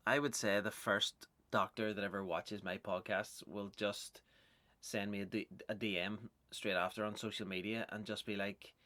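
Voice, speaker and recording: A man's voice: lowish voice, flat delivery, moderate pace, pushed and bright, dry recording. A man from Northern Ireland with a Northern Irish accent, a stand-up comedian hosting a podcast in a loose, self-mocking ramble with swearing.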